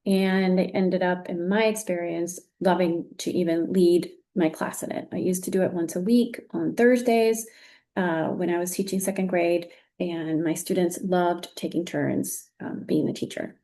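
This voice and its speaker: A woman's voice: lowish voice, fairly even intonation, unhurried, warm tone. A woman leading a recorded teacher training, walking through examples patiently and encouraging with frequent praise.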